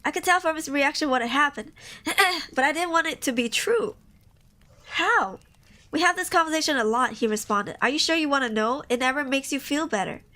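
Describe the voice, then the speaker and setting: A woman's voice: sits high, animated, normal speed, sharp tone. A woman streamer reading horror stories aloud on a live stream, casual and emotional, reacting between passages. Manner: casual, swears often.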